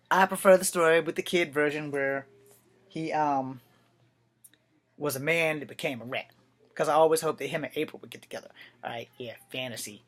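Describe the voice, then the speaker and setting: A man's voice: on the high side, fairly bright tone. A man giving a casual, rambling comic book review at home at night, drifting into asides and restarting his sentences.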